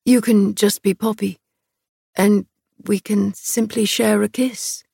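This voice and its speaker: A woman reading an audiobook, voicing a tall young man who speaks low, hushed and intimate, tender and intent. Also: steady tone, slow, vocal fry, husky, no room sound, studio quality, full character voice.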